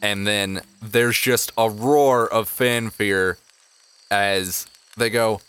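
A man narrating as game master of a tabletop game, in relaxed, playful storytelling. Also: fairly low pitch, extremely slow, smooth.

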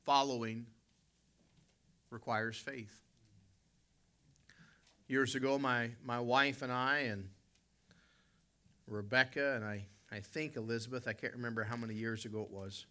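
A middle-aged American man from West Virginia preaching, his voice very bright and forceful. He speaks straight to the congregation and drifts into a rambling personal anecdote, stopping to fix his own words. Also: medium pitch, fairly even intonation, normal speed. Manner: storytelling, self-correcting, addresses congregation directly.

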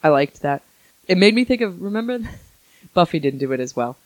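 A woman co-hosting a podcast in a casual chat, chatty and animated, often giggling. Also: on the low side, fairly quick, no room sound. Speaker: podcast co-host.

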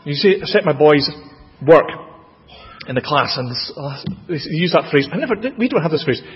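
A man with a Scottish accent preaching a sermon, expressive, with dramatic rises in pitch and volume. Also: normal speed. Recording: dull, lo-fi with long hall reverb.

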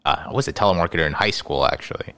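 Man in his twenties, very low voice, rambling casual storytelling. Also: rapid-fire, a bit bright. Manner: rambling, many "like" fillers.

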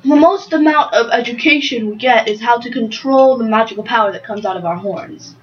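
A woman playing a chatty young female unicorn in an improvised interview, earnest and a bit halting. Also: fairly high pitch, lo-fi sound, lightly acted. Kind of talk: improvised role-play interview.

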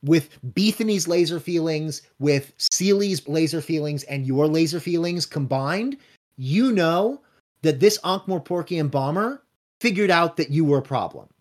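A man running a tabletop role-playing game, narrating scenes and calling rolls in a brisk, matter-of-fact way. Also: on the high side, expressive. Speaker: game master.

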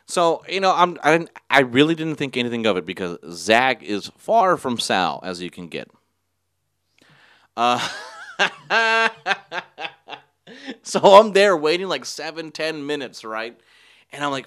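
A man's voice: a little high, lively intonation, measured pace, fairly bright tone, dry recording, clean studio sound. A young man hosting a casual solo podcast, rambling through a story with frequent laughs and offhand swearing. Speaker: podcast host. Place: small studio.

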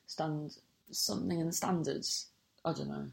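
A woman's voice: low voice, steady tone, measured pace, vocal fry, a little mellow. A woman telling a story in casual chat, exasperated and swearing freely, often cutting herself off mid-sentence.

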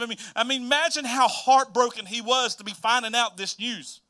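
High, bright-voiced energetic male preacher. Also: a little fast. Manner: energetic, folksy, repetitive, laughs often. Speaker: pastor. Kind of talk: sermon.

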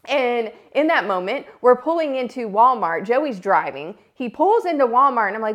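Woman, 30s. Casual podcast host, animated storyteller, a bit high-pitched. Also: moderate pace, hardly any pauses. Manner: animated storytelling, acts out quotes loudly. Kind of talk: casual solo podcast talk.

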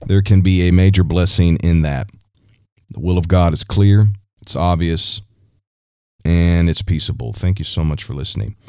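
A man's voice: low voice, warm tone, smooth, dry recording, clean studio sound. A man hosting a Christian advice podcast, answering a listener's question in a conversational, preacherly way. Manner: conversational, preacherly, with frequent "you know" and restarts. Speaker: podcast host.

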